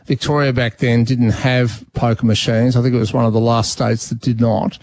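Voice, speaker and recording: A man's voice: mid-range voice, little pitch movement, normal speed, a little mellow. An Australian man hosting a talkback radio show, chatting casually with callers and thinking aloud with frequent restarts. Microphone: studio mic.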